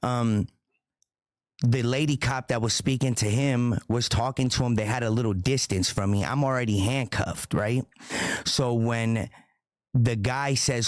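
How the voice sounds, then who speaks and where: A man's voice: medium pitch, moderate pace, dry recording, clean studio sound. A man being interviewed as a guest, talking loosely and defensively, full of fillers. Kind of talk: casual interview talk.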